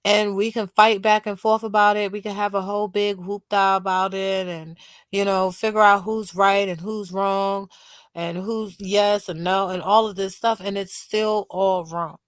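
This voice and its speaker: A woman's voice: mid-range voice, little pitch movement, moderate pace, clean tone, no echo. A woman hosting a casual livestream, talking straight to her chat while losing her voice. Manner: chatty, talks straight to the chat. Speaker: livestream host.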